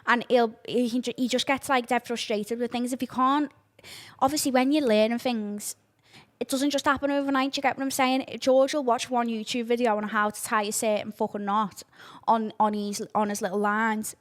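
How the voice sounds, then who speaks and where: A young woman, hosting a casual podcast, oversharing and swearing freely in animated outbursts. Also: fairly high pitch, moderate pace. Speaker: podcast host. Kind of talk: casual chat.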